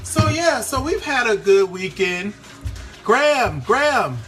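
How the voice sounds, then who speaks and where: His very high voice has a sing-song lilt and a fairly bright tone, moving at a slow pace over soft background music. He's a live cooking stream host from Maryland's Eastern Shore, faintly accented, chatting casually with viewers in his home kitchen.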